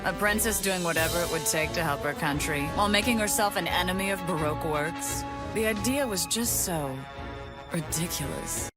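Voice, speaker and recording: A woman plays a cool adult villainess from an anime dub, speaking with amused condescension. Her voice sits low and controlled. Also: normal speed, loud music behind the voice, natural voice. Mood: mocking.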